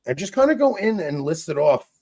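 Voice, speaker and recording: A man's voice: on the high side, very animated, brisk, mellow. A man hosting a podcast in casual chat, rambling and laughing often. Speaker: podcast host.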